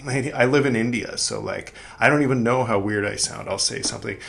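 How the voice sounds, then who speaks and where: A man's voice: medium pitch, a little fast, vocal fry, fairly bright tone, a little hiss or hum. A young man hosting a podcast, chatting casually and rambling, mocking himself with lots of fillers and restarts. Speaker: podcast host. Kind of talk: casual chat to camera.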